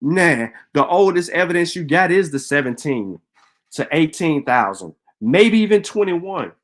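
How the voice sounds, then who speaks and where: Profane, combative man with lively pitch. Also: unhurried. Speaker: live stream host. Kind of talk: heated live stream rant.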